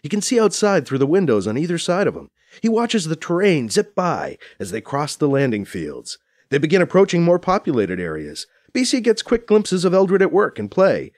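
A man narrating an audiobook with expressive, storytelling delivery. His voice sits a little high and swings widely in pitch. The recording is close and dry. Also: normal speed, no room sound. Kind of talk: scripted narration.

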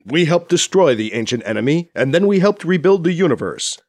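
A man's voice: fairly high pitch, animated, a little mellow, no echo. A man voicing a proud, formal alien captain. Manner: formal, measured, dignified.

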